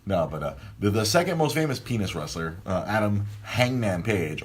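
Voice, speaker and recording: A man hosting a casual podcast, telling a rambling, animated story full of restarts. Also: on the low side, moderate pace, husky. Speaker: podcast host.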